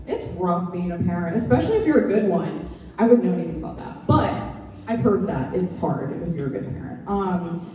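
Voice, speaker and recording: A woman from the American South, doing a stand-up comedy set in a halting, filler-heavy, dryly self-mocking way, live in a comedy lounge. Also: mid-range voice, warm tone. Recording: roomy club echo, far mic.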